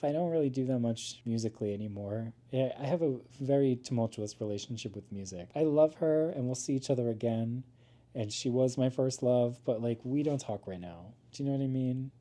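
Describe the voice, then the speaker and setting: Campy, profane young man with a dark, mellow voice. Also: medium pitch. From United States. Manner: campy, self-mocking, profane, dramatic comic pauses. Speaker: YouTuber introducing his channel. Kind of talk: casual to-camera vlog. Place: home, seated at couch or table. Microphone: camera mic.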